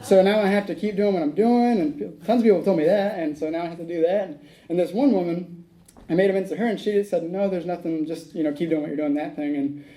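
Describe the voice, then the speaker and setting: A man's voice: high-pitched, quick pace, dark tone, a little hiss or hum, poor audio. A man speaking at a recovery meeting, telling a rambling personal story, acting out the dialogue and laughing at his own tale.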